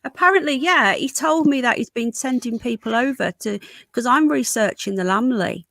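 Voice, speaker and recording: A woman hosting a casual livestream chat, her voice going hoarse, clearing her throat often. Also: fairly high pitch, normal speed, a bit bright, no room sound, studio quality. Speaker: livestream host. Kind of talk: casual live chat reading comments.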